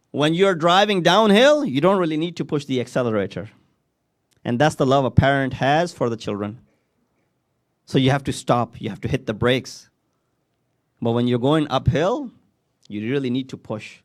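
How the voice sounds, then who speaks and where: Male preacher, lively and slightly high, dry close sound, recites Arabic, acts out dialogue. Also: no echo. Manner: rises sharply in pitch for rhetorical questions. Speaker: speaker at a Muharram majlis. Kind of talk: sermon.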